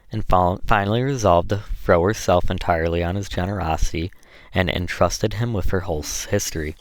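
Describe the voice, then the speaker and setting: A man narrating a classic novel as an audiobook, reading in a measured way with small slips. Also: low voice, no room sound.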